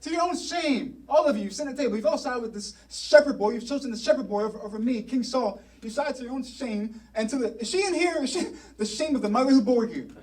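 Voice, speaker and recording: A ranting, jealous king shouts accusations at his family, as a man preaching puts him on. The voice sits fairly high and sounds a little distant from the mic. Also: animated, fast. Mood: furious. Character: angry jealous middle-aged king.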